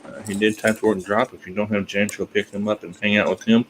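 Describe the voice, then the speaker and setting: A man's voice: on the low side, level tone, fast talker, fairly bright tone, a little hiss or hum, poor audio. A man hosting a casual live chat on a video call, folksy and easygoing. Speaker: livestream host.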